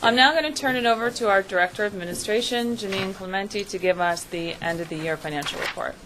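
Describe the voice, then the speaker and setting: A woman's voice: mid-range voice, quick pace, fairly bright tone, slight background noise, poor audio. A woman who is an executive director, giving a businesslike report at a meeting and keeping her voice up so remote listeners can hear. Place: meeting room.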